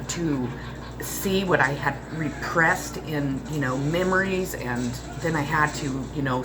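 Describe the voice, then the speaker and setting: Low-voiced woman in her forties, emotional. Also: rough recording. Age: 40s. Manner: emotional, rambling, repetitive. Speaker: spiritual channel host. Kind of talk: personal vlog confession.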